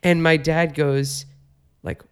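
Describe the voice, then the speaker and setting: A man's voice: fairly high pitch, flat delivery, takes it slowly, clean tone. A man hosting a podcast, telling stories casually in a laid-back way and swearing freely. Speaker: podcast host.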